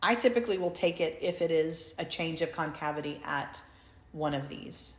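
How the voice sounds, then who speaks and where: A woman's voice: deep voice, expressive, moderate pace. A woman teacher giving a recorded calculus lecture in a classroom, chatty and prone to asking "right?" with dry sarcastic asides. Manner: conversational, asks for agreement with "right?". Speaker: math teacher. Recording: echoey room.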